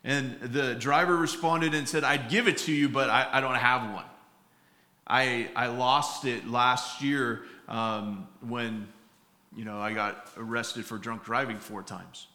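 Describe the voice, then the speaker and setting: Bright-voiced man preaching in an echoey room. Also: mid-range voice, steady tone, unhurried. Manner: storytelling with acted-out quotes, many fillers and restarts. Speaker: pastor. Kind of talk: sermon with humorous stories.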